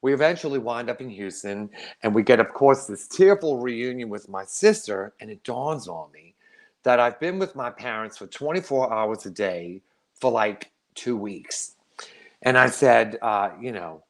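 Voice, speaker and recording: A middle-aged man performing a wry, animated storytelling monologue, laughing often. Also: medium pitch, measured pace.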